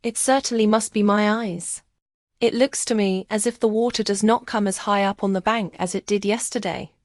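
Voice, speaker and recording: A woman's voice: medium pitch, steady tone, moderate pace, darkish tone, no room sound, clean studio sound, close to an everyday voice. A woman doing a puzzled storybook muskrat. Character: curious sharp-eyed male muskrat, thoughtful.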